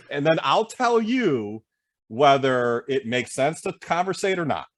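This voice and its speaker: A man's voice: fairly high pitch, very animated, slow. A man hosting a podcast interview, a self-employed consultant talking bluntly and casually. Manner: blunt, conversational, swears casually.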